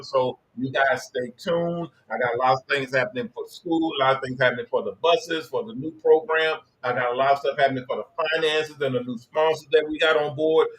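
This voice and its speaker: A middle-aged man hosts his own livestream and coaches his viewers in a preachy, emphatic way. His voice sits fairly high for a man, and he swings between loud bursts and low asides. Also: low-quality recording. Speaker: livestream host and business coach. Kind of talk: motivational livestream talk.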